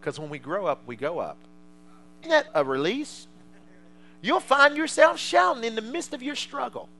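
High, bright-voiced fervent preacher man. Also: sing-song, moderate pace, gravelly, a little hiss or hum, low-quality recording. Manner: fervent, swings from soft asides to loud shouting. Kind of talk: sermon.

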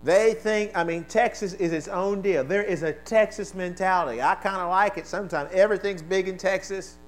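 A male pastor preaching a sermon, leading call-and-response and swinging from quiet asides to shouted exclamations, originally from the American East Coast. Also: high-pitched, moderate pace, rough recording.

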